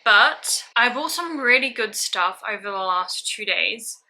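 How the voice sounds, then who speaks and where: Out and about and in the car, an English woman in her twenties with a mixed British-French accent keeps up cheerful, casual vlog narration as a student. Her high voice is expressive, pushed and bright, at a measured pace, with slight background noise.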